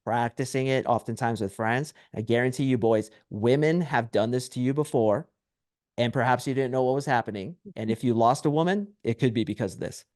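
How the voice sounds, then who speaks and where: A man, a dating coach, talking as a podcast guest in a brash, animated way, acting out little scenes as he explains. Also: medium pitch, fairly quick, no room sound, studio quality. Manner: brash, animated storytelling with acted quotes. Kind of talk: podcast interview.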